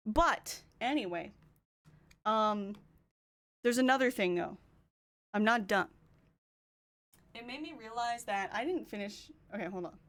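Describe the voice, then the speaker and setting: A young Canadian woman streaming, chatting casually in a rambling, self-interrupting way with a Canadian accent. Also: mid-range voice. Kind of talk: casual chat.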